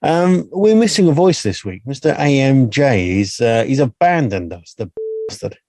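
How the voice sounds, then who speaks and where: A man co-hosts a podcast in loose, laid-back conversation. His voice is warm and mellow. The sound is dry and close, with no room around it. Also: medium pitch, very animated, moderate pace, no room sound. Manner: laid-back, laughs easily. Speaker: podcast co-host. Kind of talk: casual chat.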